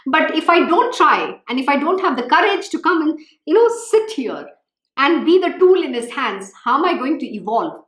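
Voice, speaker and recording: A woman's voice: sits high, big pitch swings, moderate pace, fairly bright tone, roomy sound, rough recording. A woman giving a fervent devotional talk and scripture reading, emphatic and repetitive. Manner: fervent, emphatic, repeats phrases. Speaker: spiritual teacher.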